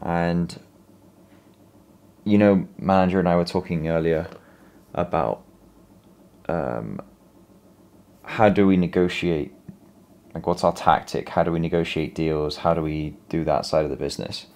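A man's voice: deep voice, measured pace, long pauses, a little mellow. A man vlogging from his small home office, thinking aloud and rambling with self-corrections. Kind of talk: casual vlog talk.

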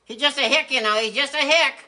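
A man voicing Jerry, a squeaky cheeky dummy. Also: fast talker, sharp tone, full character voice. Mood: teasing. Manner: squeaky, teasing. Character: cheeky wisecracking boy ventriloquist dummy.

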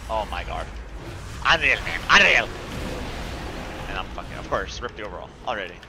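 A man giving live commentary while playing an online game, frustrated and excitable, swearing often with sudden loud outbursts. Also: deep voice, rapid-fire, background noise.

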